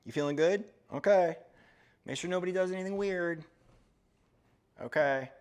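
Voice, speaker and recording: A man's voice: sits high, normal speed, smooth. A man from Florida chatting casually on a gardening live stream, joking and talking to his cat as he walks around.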